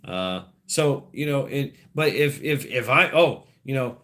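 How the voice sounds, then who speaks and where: Profane, rambling man with a lively pitch. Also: measured pace. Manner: profane, rambling, laughs at his own jokes. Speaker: livestream host. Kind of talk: casual livestream chat with chat readers.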